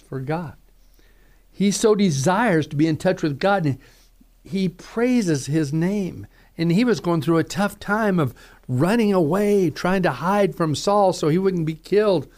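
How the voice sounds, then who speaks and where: A man's voice: a little high, a little mellow. Earnest preaching man on radio. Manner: earnest preaching, rising emphatic on calls to repent. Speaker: pastor and radio host. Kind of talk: radio sermon.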